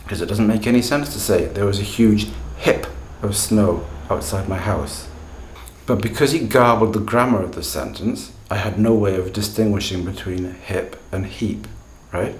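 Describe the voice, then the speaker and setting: A man, hosting a language-learning video lesson in a deliberate, emphatic way, often checking in with tag questions. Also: on the low side, reverberant. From Britain. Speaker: language teacher, channel host.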